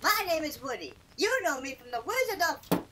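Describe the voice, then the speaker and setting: A woman's voice: high voice, very animated, fairly quick, noisy background. A woman voicing a cheerful, boastful toy cowboy doll in a homemade toy play, with a chirpy, bouncy delivery.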